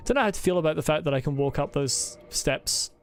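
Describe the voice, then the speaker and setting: A man's voice: on the high side, animated, brisk. Muttering man streaming a boss fight. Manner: muttering to himself, half-humming and swearing. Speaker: game streamer. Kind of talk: live gameplay commentary.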